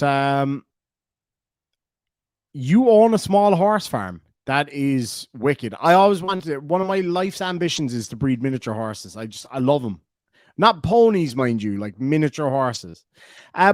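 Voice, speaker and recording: A man's voice: on the high side, no room sound, studio quality. A man with an Irish accent hosting a casual livestream, reading viewer comments aloud and rambling with lots of fillers. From Ireland. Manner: rambling, chatty, many fillers. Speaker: livestream host.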